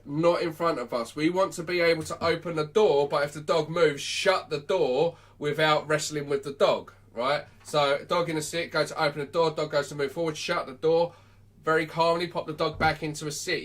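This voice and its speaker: A man's voice: fairly high pitch, fairly bright tone. A man, a dog trainer giving blunt, sweary advice on a live stream.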